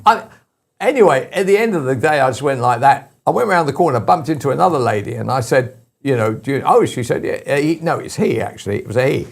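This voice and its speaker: Older male talk host, gravelly, anecdotal and emphatic. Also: medium pitch, animated, quick pace. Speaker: show host. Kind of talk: talk radio discussion.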